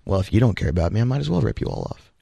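A man co-hosting a radio talk show, telling a story in a casual, animated way and acting out the voices he quotes. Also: low voice, rapid-fire, vocal fry, breathy edge, dry recording.

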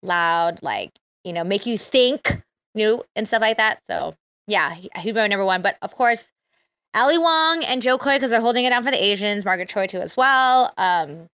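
A woman comedian, a guest on an online audio show, chatting casually, energetic and loud, swearing freely. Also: mid-range voice, normal speed, clear, resonant tone, no room sound. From Filipino heritage. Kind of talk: casual chat. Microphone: phone.

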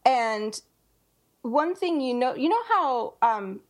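A woman with a fairly high voice co-hosts a casual podcast about writing. She talks in a chatty, loose way, circling back with fillers and restarts as she works out her points. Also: lively intonation, slow pace. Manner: chatty, thinks aloud with many fillers and restarts. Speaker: podcast co-host, writer.

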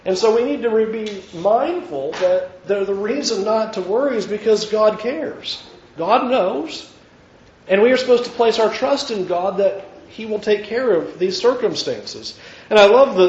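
A man with a high voice preaches a sermon, talking in a conversational, emphatic way and often restarting his sentences. The recording is dull and lo-fi. It rings with the echo of a church hall. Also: a little hiss or hum. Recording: echoey room, dull lo-fi sound.

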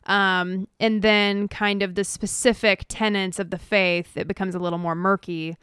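A woman co-hosting a podcast in casual chat, speaking in a measured, easygoing way with dry jokes. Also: medium pitch, little pitch movement, a bit bright, clear, resonant tone, no echo. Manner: measured, easygoing, dryly joking. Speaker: podcast co-host.

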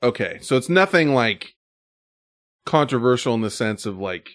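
A man's voice: medium pitch, big pitch swings, normal speed, no echo, clean studio sound. A man hosting a show, chatting casually and joking loosely, with the odd swear. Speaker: show host. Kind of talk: casual radio-show banter.

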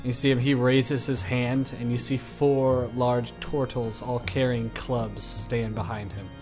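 A man running a tabletop game as game master, narrating in a relaxed way and laughing often. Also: mid-range voice, measured pace, over music.

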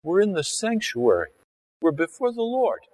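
A man's voice: high voice, very animated, normal speed, darkish tone, low-quality recording. A male pastor preaching a conversational sermon, acting out scenes as he talks. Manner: conversational, acts out scenes with his body and voice.

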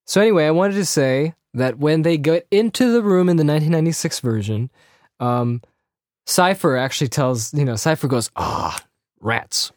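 A man's voice: a little high, animated, fairly quick, darkish tone, dry recording, clean studio sound. A man co-hosting a casual podcast chat, rambling and reading out old script lines. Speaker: podcast co-host.

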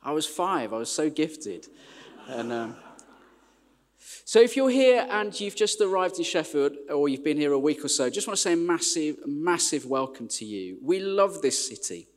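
Joking vicar in an echoing church. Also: male voice, on the high side, sing-song, moderate pace. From West Midlands, England. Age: 40s. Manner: chatty, self-deprecating humour. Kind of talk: sermon introduction. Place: large church hall. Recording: church hall reverb.

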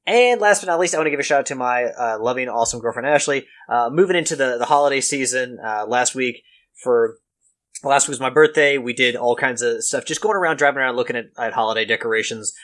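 Relaxed halting male podcast co-host. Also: medium pitch. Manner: relaxed, halting, many fillers. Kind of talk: casual podcast chat.

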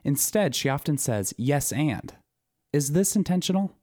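A man moderating a live event, reading audience questions aloud in a measured way. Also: fairly high pitch, sing-song, warm tone, dry recording, studio quality.

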